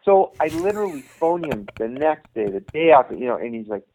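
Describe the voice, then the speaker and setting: A man's voice: fairly high pitch, big pitch swings, brisk, hardly any pauses, a little mellow. Middle-aged man telling stories over a phone line. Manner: rambling anecdotes, acting out quoted dialogue. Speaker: youth hockey coach, guest. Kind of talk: casual storytelling interview.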